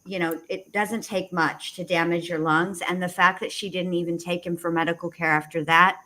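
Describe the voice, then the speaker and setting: A woman co-hosting a casual livestream, talking in rushed restarts with sarcastic asides. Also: fairly low pitch, little pitch movement, sharp tone. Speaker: co-host.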